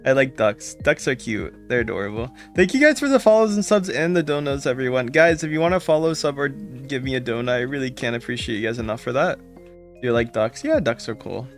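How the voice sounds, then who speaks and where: A man's voice: mid-range voice, expressive, fairly quick, faint music behind. A man streaming a game live, chatting casually and greeting viewers by name with repeated thanks.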